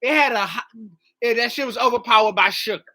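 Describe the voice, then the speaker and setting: A woman's voice: fairly high pitch, fast, pushed and bright. A woman hosting a live talk show in blunt, profane casual chat, repeating herself for emphasis. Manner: blunt, emphatic, swears freely.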